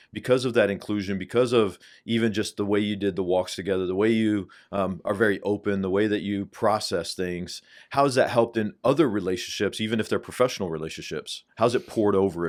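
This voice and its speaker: A man hosting a podcast, asking thoughtful follow-up questions in a measured way and summing up points. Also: fairly low pitch. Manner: measured, affirming, sums up and asks follow-ups. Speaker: podcast host. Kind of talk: interview questions and reflection.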